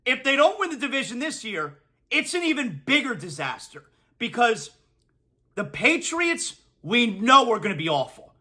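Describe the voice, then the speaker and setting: Lively, bright-voiced ranting sports talk host. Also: male voice, extremely high pitch, normal speed. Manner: ranting, emphatic, repeats punchlines. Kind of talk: opinionated sports talk monologue.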